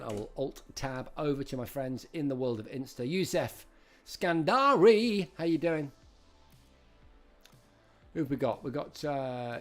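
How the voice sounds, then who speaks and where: A man's voice: medium pitch, darkish tone. A middle-aged man hosting a live-streamed retro quiz, chatting and greeting viewers by name as he reads out questions. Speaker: host.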